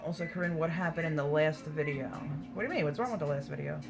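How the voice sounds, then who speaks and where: A woman's voice: sits low, fast, vocal fry, over loud music, rough recording. A woman hosting a casual livestream, answering viewer comments in a candid, blunt way, swearing freely and laughing often. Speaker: livestream host.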